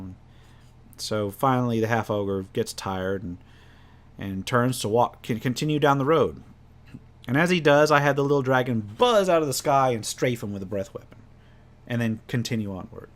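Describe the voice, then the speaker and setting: A man's voice: mid-range voice, lively intonation, fairly quick, a bit bright. A man recounting a tabletop game he ran as game master, rambling with many restarts. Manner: rambling, self-correcting, lots of restarts. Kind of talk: casual storytelling about a tabletop game.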